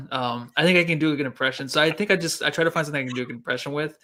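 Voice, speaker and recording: A man appearing as a guest on a casual sports podcast, easygoing and quick to laugh at himself. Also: a little high, bright, forceful tone.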